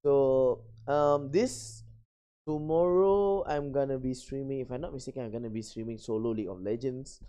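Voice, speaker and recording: A young adult VTuber streamer from Malaysia, chatting casually and getting flustered, often breaking into high laughter. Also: normal speed, mellow. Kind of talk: casual live-stream chat.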